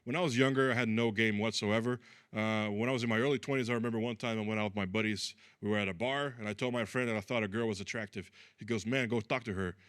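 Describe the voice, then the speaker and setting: A man's voice: fairly low pitch, fairly even intonation, fast talker, fairly bright tone, smooth, dry recording, clean studio sound. A man from Brazil doing a chatty, self-deprecating stand-up comedy set, acting out the people in his stories. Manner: chatty, self-deprecating, acts out quoted voices.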